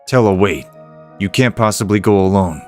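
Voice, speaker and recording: A man's voice: low voice, normal speed, faint music behind, natural voice. A man reading aloud an old sage's game lines in his own plain voice. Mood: stern. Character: old male sage, stern and vengeful.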